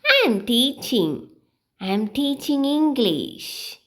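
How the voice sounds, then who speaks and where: A woman with a high, lively voice reads simple example sentences for beginners. She takes them slowly and clearly, in a sing-song way. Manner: slow, clear, sing-song reading of drills. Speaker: English teacher.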